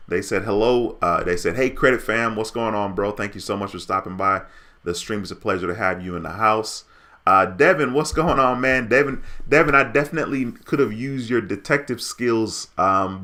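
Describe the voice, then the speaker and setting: A man's voice: fairly low pitch, sharp tone. Upbeat man hosting a livestream. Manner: upbeat, reading viewer comments aloud. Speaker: livestream host. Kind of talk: casual livestream chat.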